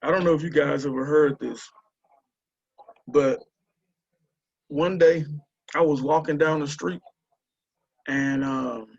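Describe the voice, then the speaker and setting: A man from Houston, telling a story and urging listeners on a group call, with animated, repetitive exhortation. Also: on the high side, slow pace, creaky, long pauses, breathy edge. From Houston, Texas. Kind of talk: motivational storytelling. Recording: muffled lo-fi call audio.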